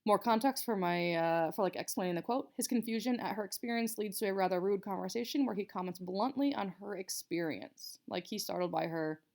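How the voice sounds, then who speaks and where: Chatty woman teacher with gravelly fry. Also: mid-range voice, brisk, few pauses, a little mellow. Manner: chatty, filler-heavy explaining with many "like"s. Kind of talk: casual recorded writing lesson.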